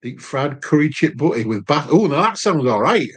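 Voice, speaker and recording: A man's voice: on the high side, very animated, moderate pace, husky. A man co-hosting a casual home live chat about food, chatting and reading out viewer comments. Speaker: cooking channel co-host.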